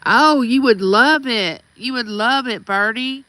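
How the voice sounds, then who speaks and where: Middle-aged Southern woman, unhurried, bright and forceful tone, greeting viewers outdoors. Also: a little high, no room sound, low-quality recording. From Mississippi. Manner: chatty, greets viewers by name, drawling. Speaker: livestream host. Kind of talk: casual livestream chat. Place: outdoors at home.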